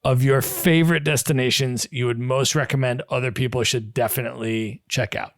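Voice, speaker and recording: Male podcast host, dry close recording, relaxed steady questioning. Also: medium pitch, fairly quick, dry recording. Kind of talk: interview questions.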